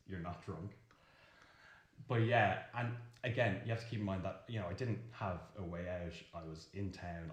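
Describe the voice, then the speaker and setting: An actor playing a halting, awkward young man. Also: low-pitched, close to an everyday voice. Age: young adult. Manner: halting, many restarts and nervous laughs. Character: awkward young man recounting an uncomfortable night. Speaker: interviewee in a verbatim film. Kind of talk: confessional verbatim monologue. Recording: roomy echo.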